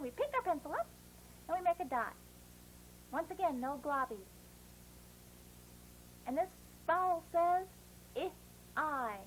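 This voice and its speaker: A woman teaching children letter sounds in a phonics lesson, drawing each sound out slowly and coaxing them along. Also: very high-pitched, slight background noise, low-quality recording.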